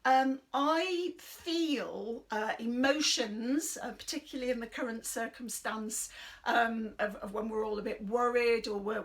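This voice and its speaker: A middle-aged British woman leading a chair exercise class in a chatty, rambling, encouraging way, breathing deeply and a little out of breath. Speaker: fitness instructor. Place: indoors under a big light.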